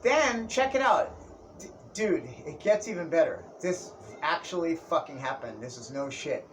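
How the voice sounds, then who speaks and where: A young man with a somewhat high voice tells a rambling comic story, swearing freely and calling his listener dude and bro. A faint hiss of room noise sits under him. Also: animated, moderate pace. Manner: profane, slangy, keeps saying dude and bro. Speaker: vlogger. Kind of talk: casual comedic storytelling. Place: indoors, Tijuana area.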